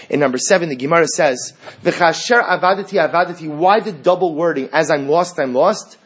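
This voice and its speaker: A man teaching a Torah class, quoting Hebrew sources and translating them in a lively lecturing way. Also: fairly high pitch, husky. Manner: animated, quotes Hebrew texts and translates them.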